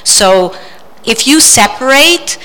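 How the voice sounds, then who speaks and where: A woman's voice: high voice, animated, takes it slowly, bright, forceful tone. A woman in the audience asking an earnest, hesitant question.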